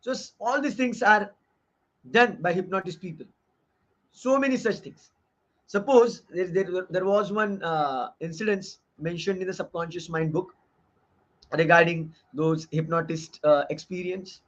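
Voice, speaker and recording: High-voiced man giving an earnest lecture. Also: a little slow, a bit bright. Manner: earnest and explanatory, often repeating phrases. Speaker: course lecturer reviewing a book. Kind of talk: online lecture. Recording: dull lo-fi audio.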